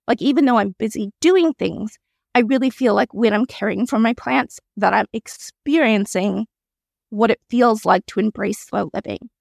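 A woman's voice: on the high side, normal speed, gravelly, a little mellow, no echo, studio quality. A woman hosting her own podcast, talking alone in a chatty, candid way with frequent small laughs and asides. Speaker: podcast host. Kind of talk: solo reflective podcast talk.

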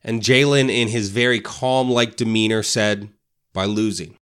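A man's voice: mid-range voice, fairly even intonation, moderate pace, fairly bright tone, clean tone. A man hosting a motivational talk for realtors, casual, often tagging "right?" onto his points. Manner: casual, keeps asking "right?". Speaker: real estate podcast host.

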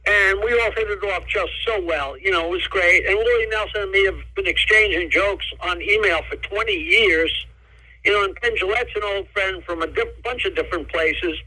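A man telling jokes as a comedian guest on an interview, an animated storyteller who laughs at his own jokes. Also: high-pitched, moderate pace, rough recording.

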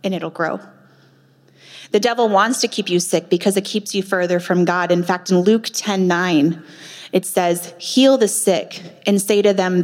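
A woman nurse practitioner giving a passionate faith-based talk at a women's retreat, with emphatic rhetorical questions. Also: medium pitch. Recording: long hall reverb.

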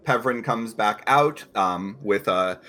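A man narrating as game master in a relaxed, filler-heavy manner. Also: lowish voice, takes it slowly.

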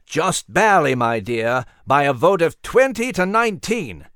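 A man doing a calm, knowing male mouse in a storybook, explaining in a measured, even way. The voice sits a little high and smooth, slightly back from the mic. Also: no echo, studio quality.

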